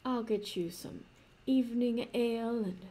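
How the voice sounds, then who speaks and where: A charming horned tavern keeper greets his guests with smooth, courteous hospitality, as a woman storyteller puts him on. The voice is mellow and a little breathy, barely shifted from a storyteller's own. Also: on the high side, unhurried, rough recording. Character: charming male tavern keeper with devil horns.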